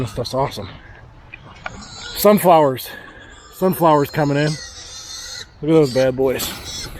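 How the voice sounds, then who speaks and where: A man's voice: darkish tone, a little hiss or hum. A man, casually vlogging outdoors on his farm, a bit out of breath as he hurries around and talks to his animals. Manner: talks to his goats, calls out to animals in a high voice. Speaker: homesteading vlogger.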